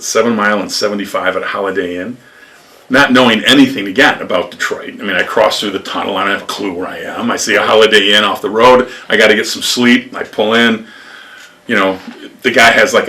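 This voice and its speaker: An older man from upstate New York, a former lacrosse coach, telling rambling stories in an interview with lively acted quotes. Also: on the low side, recorded from a distance. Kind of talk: storytelling interview.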